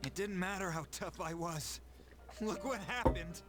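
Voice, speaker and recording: An actor playing a stubborn young male student fighter mourning a lost friend, with a rough, emotional voice. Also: high voice, a little slow. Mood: grieving. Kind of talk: game voice acting. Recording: game audio with music behind.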